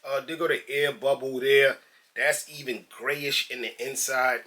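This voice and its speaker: A man's voice: mid-range voice, fairly even intonation, unhurried, bright, forceful tone. A man from New York doing a laid-back, slangy sneaker unboxing review and calling his viewers guys and man.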